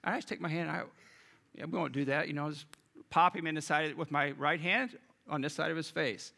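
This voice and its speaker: Casting: male pastor, bright and forceful, a bit high, chatty preaching. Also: fairly even intonation, a little fast, vocal fry. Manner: conversational, addresses the congregation directly. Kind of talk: sermon.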